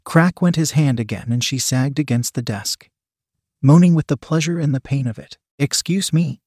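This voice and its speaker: Guy narrating an adult story, steady even read, mid pitch, dry close recording. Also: normal speed, slightly rough, no echo. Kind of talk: erotic audiobook narration.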